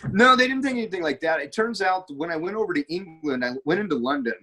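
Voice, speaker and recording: Husky man telling stories. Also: high voice, expressive, fast, pushed and bright, low-quality recording. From United States. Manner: rambling anecdotal storytelling. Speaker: podcast guest. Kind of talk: casual conversation.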